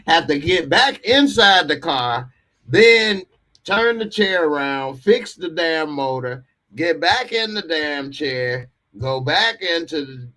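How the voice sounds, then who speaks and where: A man's voice: on the high side, sharp tone. A man hosting a live call-in podcast, telling a comic story with frequent laughter and acted-out voices. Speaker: podcast host.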